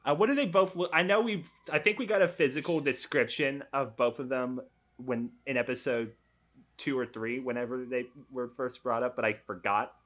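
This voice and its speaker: A young man playing a tabletop role-play, chatty and quick to laugh, often restarting his sentences. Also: mid-range voice, steady tone, a bit bright. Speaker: player.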